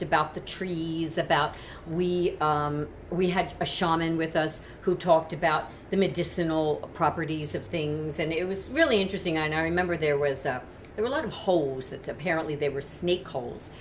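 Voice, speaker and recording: A woman's voice: deep voice, a little hiss or hum. Chatty woman telling a travel story. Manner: chatty, many fillers and restarts. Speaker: travel vlogger. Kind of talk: casual storytelling.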